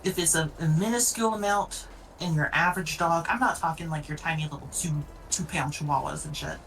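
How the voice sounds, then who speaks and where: Streamer woman, low voice, blunt and exasperated, casual chat, mic a little distant. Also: a little fast, vocal fry, fairly bright tone, slight background noise. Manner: blunt, exasperated storytelling with profanity.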